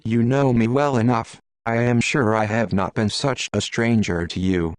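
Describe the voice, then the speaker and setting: A male text-to-speech voice reading the part of a scolding middle-aged wife and mother, in a flat machine delivery. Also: medium pitch, normal speed, no echo, lightly acted. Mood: nagging.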